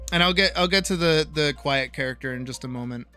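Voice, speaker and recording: Sharp-toned streamer woman, animated and sweary. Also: low voice, a little fast, faint music behind. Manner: animated, swears freely, keeps asking "right?". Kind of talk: casual livestream chat about character writing.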